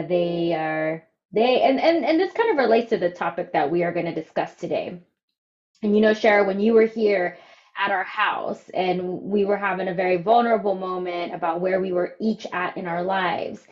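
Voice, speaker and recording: A woman co-hosting a podcast in casual chat, animated and quick to play up her excitement. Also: on the low side, highs cut off. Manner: animated, quick to jump into exaggerated voices. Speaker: podcast co-host.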